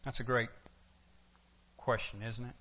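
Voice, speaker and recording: A male pastor preaching verse by verse at a middle pitch. He speaks conversationally and often checks in with rhetorical questions. The recording is dull and lo-fi. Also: flat delivery, unhurried. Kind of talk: expository sermon.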